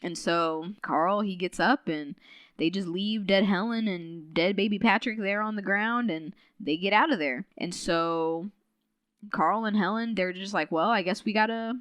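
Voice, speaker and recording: A woman podcast host casually recapping a novel's plot in a chatty, animated way, full of "like" and acted-out quotes. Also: unhurried, smooth, dry recording. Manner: chatty, filler-heavy retelling with lots of "like"; animated, quotes characters with shifting pitch.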